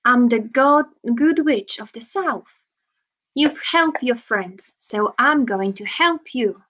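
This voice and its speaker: Storybook figure: a kind good witch, read by a woman, soothing and unhurried, bright and fairly high. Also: lively intonation, heavily acted. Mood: reassuring. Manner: soothing, reassuring. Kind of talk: reading a children's story aloud.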